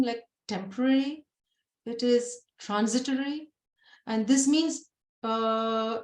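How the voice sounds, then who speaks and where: A woman's voice: on the high side, a little mellow. A woman giving a religious lesson, explaining patiently with everyday examples and asking rhetorical questions she answers herself. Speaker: Quran teacher. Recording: echoey room.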